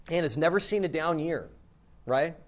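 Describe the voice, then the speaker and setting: A man's voice: fairly high pitch, expressive, moderate pace. A man telling a casual, rambling story as a guest, filling his talk with "like" and "right?".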